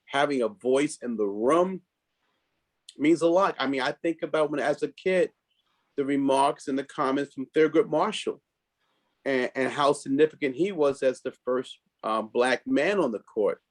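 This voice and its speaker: Man in an interview, thoughtful and halting. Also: mid-range voice. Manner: thoughtful, hesitant with fillers. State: coughing from allergies. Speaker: guest, district leader. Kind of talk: interview answers.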